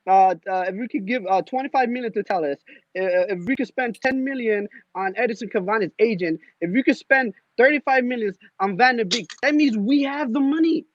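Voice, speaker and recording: A man's voice: high-pitched, a little fast, dry recording, muffled recording. A man speaking as a guest panelist, ranting in an exasperated way as a fan. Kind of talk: passionate fan rant.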